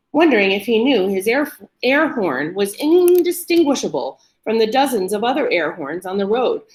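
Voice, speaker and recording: A woman reading a first-person story aloud to an audience in a calm, measured way. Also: fairly high pitch. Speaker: story reader. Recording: roomy echo.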